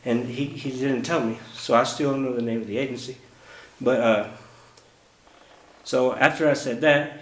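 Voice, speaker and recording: A travel vlogger telling a story casually and frankly, with some swearing, acting out both sides of a conversation. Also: male voice, mid-range voice, fairly even intonation, normal speed, reverberant.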